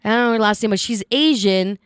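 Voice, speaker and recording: A woman's voice: medium pitch, quick pace, smooth, no room sound, studio quality. A woman co-hosting a podcast, telling a story in casual chat, rambling with lots of filler words and swearing. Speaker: podcast co-host.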